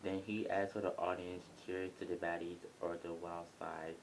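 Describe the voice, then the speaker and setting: Talking through a reality show for his review vlog, a young man with a very low, gravelly voice stays loose, blunt, and chatty, keeping a level tone and moderate pace. Planes overhead leave a faint rumble in the background of his home near an airport, and the recording quality is low.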